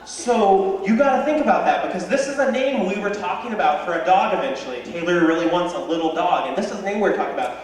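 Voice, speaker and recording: A young man who is a stand-up comedian and high school tennis coach performs a set for a live audience in a high school auditorium. He tells stories animatedly, speaking fast with few pauses and yelling character lines in a high voice. The hall is echoey, the mic distant, and audience noise is audible.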